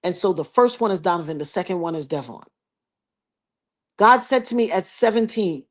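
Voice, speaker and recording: A middle-aged woman telling a personal story in an animated, emphatic way, acting out quotes and speaking straight to the listener. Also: lowish voice, moderate pace, pauses often. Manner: emphatic, addresses listener directly, acts out quotes.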